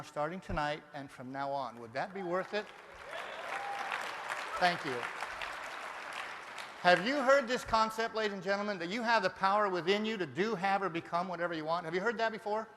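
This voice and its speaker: A man from Denver giving a live motivational seminar, energetic and firing rhetorical questions at the audience. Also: high voice, a little hiss or hum. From Denver, Colorado. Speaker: motivational speaker. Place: large seminar hall. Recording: long reverb of a live hall.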